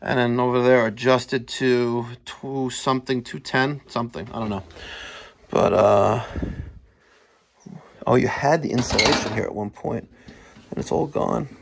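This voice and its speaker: A man's voice: medium pitch, steady tone, a little slow, creaky, long pauses, a little hiss or hum. A man working as a heating technician, explaining a furnace's parts step by step in a chatty on-site walkthrough in a house basement. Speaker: HVAC technician.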